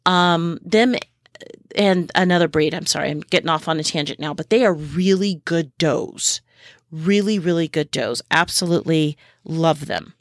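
A woman hosting a podcast in a casual, informative way, unhurried and pausing often with fillers, sharing what she has learned firsthand on her homestead. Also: low-pitched, no room sound, clean studio sound. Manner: unhurried, with many pauses and fillers; speaks from personal homestead experience. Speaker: podcast host.

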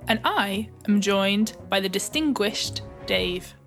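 A woman's voice: mid-range voice, lively intonation, takes it slowly, a bit bright, faint music behind. A woman introducing herself as a player on a tabletop podcast, playful and chipper. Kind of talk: casual podcast banter.

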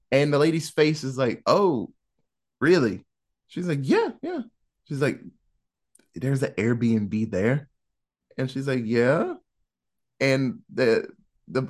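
Animated man retelling a film. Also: mid-range voice. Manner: animated storyteller who acts out quotes. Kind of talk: casual film recap storytelling.

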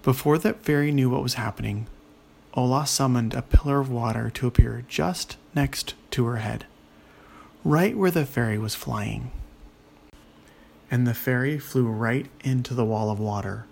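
A man with a gravelly voice narrating a children's fantasy story in a gentle, unhurried way. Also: medium pitch.

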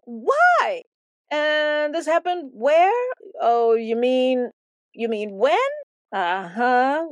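A woman's voice: mid-range voice, a little mellow, no room sound. A woman teaching a Bible lesson as playful, theatrical storytelling, often repeating words for effect.

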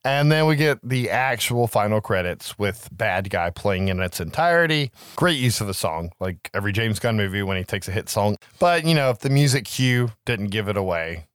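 A man co-hosting a podcast, recapping a horror film in a lively, profane, casual way. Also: lowish voice, normal speed, hardly any pauses, clear, resonant tone, no echo, studio quality. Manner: animated, profane storytelling. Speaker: podcast co-host.

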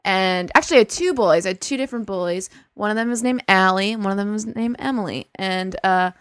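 A woman's voice: medium pitch, fast, clear, resonant tone, no room sound, studio quality. A young woman from St. Louis, a guest on a podcast, speaking frankly and chatty with lots of fillers. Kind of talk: casual podcast chat.

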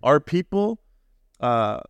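A young Canadian man co-hosting a podcast, talking with passion and preaching hard, swearing freely and jumping to high emphatic peaks. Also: very animated, slow pace, clean tone, no room sound, muffled recording. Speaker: podcast co-host. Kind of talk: casual podcast chat.

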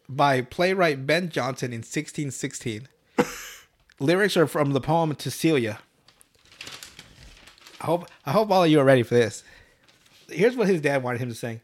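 A man's voice: on the high side, expressive, unhurried, pauses often. A man hosting a podcast, casually recapping a cartoon episode in a loose, profane way and laughing often. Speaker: podcast host.

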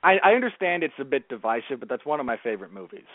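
A man guesting on a casual movie chat podcast, speaking in a measured, articulate, considered way. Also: medium pitch, animated, dry recording. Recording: tinny phone-like dry sound.

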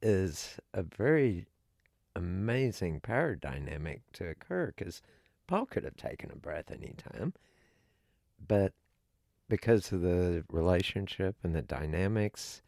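A man co-hosting a podcast, talking in a slow, deliberate, instructive way. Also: low voice, big pitch swings, gravelly, dark tone, no echo, studio quality. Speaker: podcast co-host. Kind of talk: casual podcast chat.

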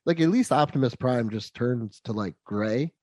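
A man's voice: mid-range voice, expressive, moderate pace, a little mellow, dry recording. A man in his thirties chatting casually and enthusiastically about a movie he loves. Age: 30s. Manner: enthusiastic, nostalgic fan talk. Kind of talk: casual chat.

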